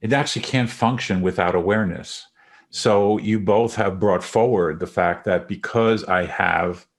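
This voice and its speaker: An older man hosting a leadership discussion in a reflective, encouraging conversational manner. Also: low-pitched. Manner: reflective, encouraging, thinks aloud. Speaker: host leading a leadership discussion. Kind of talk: conversational coaching talk.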